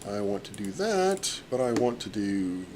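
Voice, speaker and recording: Working on data during a casual live stream, this astronomy professor halts and mutters through many fillers, a pen in his mouth muffling his speech. His voice is on the low side with big pitch swings, over a noisy background.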